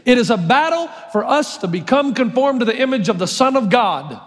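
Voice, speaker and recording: A man delivers a sermon with a notably high voice, animated and storytelling. He acts out lines as he goes. A long reverb trails every phrase from the big church hall. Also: brisk. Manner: animated storytelling, acting out quotes. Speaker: pastor.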